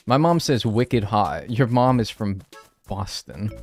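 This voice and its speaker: A man's voice: fairly low pitch, very animated, takes it slowly, darkish tone, faint music behind. A man streaming a game live, chatting casually and joking with his chat from his room.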